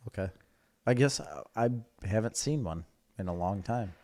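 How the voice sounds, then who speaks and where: A young man with a fairly low voice banters with his co-host on a casual podcast. He jokes freely and is quick to push back on facts. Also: expressive, darkish tone. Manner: joking, quick to dispute facts. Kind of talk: casual chat.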